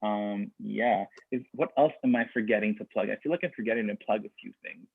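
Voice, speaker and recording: A man's voice: lowish voice, fairly quick, vocal fry, slightly rough, dry recording. Rambling man hosting a slam, tinny sound. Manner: rambling, full of fillers and tangents. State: losing his voice. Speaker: slam host. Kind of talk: casual livestream hosting. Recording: dry tinny phone-like sound.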